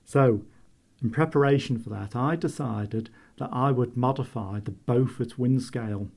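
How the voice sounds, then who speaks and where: A man's voice: medium pitch, normal speed, gravelly, a little mellow. A man in his sixties with a Manx accent, a retiring meteorologist telling humorous stories in a chatty radio interview. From Isle of Man.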